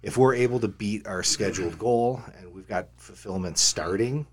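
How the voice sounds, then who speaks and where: A man's voice: lowish voice, normal speed, slight background noise. A man, a game designer, talking earnestly and reflectively in a casual podcast studio chat. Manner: earnest, reflective, many restarts.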